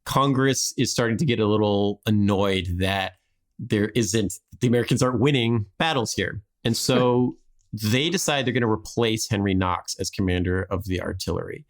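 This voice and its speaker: A man's voice: lowish voice, normal speed. A man hosting a podcast, telling a history story in a rambling, casual way with frequent restarts and laughs.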